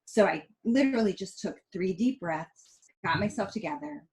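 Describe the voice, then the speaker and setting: Animated woman telling a family story. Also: medium pitch, normal speed, rough recording. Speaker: podcast guest. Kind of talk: casual podcast conversation.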